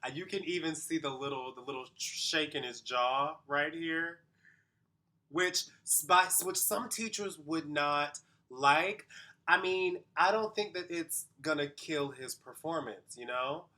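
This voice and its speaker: A man's voice: on the high side, measured pace, pushed and bright. A man working as a vocal coach, casually explaining singing technique to viewers at home. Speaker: vocal coach reacting to a performance. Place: home, recorded at night.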